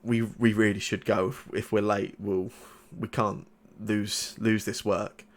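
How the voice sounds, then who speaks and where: A kind father in a hurry to leave, as a game master puts him on. He speaks quietly and haltingly, a little lower than an everyday voice. The tone stays gentle throughout. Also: little pitch movement. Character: kind, hurried father saying goodnight.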